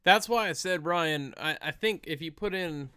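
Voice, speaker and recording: A young man co-hosting a casual podcast, chatty and upbeat as he runs through plugs and shout-outs. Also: fairly high pitch, smooth, no room sound, studio quality. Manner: chatty, reads plugs in a quick upbeat run. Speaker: podcast co-host.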